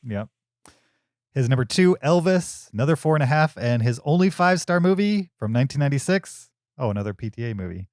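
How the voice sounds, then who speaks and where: A man's voice: medium pitch, animated, a little fast, darkish tone, no room sound. A man in his forties co-hosting a movie podcast, chatting casually with a dry, teasing manner. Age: 40s. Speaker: podcast co-host. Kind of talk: casual chat.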